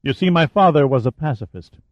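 A man voicing a menacing giant man who speaks in a quiet, cold, deliberate way. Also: on the high side, animated, no room sound, lo-fi sound, pitched above the performer's own voice, close to an everyday voice. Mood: measured.

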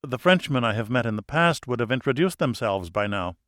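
A man voicing a calm, capable young woman researcher who speaks in a hushed, low voice. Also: fairly quick, no echo, clean studio sound, lightly acted.

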